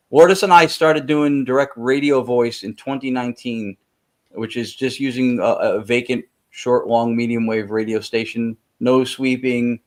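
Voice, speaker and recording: A man speaking as a podcast guest, explaining technical ideas at length in casual chat, with frequent fillers and restarts. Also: mid-range voice.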